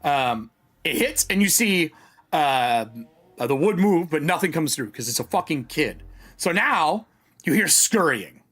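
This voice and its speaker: A man's voice: on the high side, very animated, measured pace, fairly bright tone, husky. A man narrating as game master of a tabletop role-playing game, casual and laughing often.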